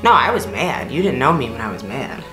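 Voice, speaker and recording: Very animated and a little fast, a young vlog co-host casually recounts a story to her partner, voicing the other characters with big pitch jumps and breaking into laughter often. Her voice comes across bright and clear against an echoey room and faint background music.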